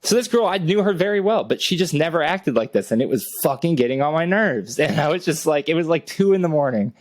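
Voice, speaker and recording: A man's voice: on the high side, expressive, quick pace, no echo. Laughing, profane storyteller man. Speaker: podcast co-host. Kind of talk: casual storytelling chat.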